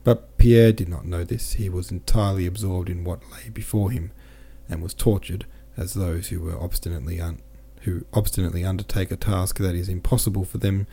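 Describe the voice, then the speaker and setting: A man narrating an audiobook in a steady, measured way. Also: sits low, gravelly, breathy edge. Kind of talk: audiobook reading.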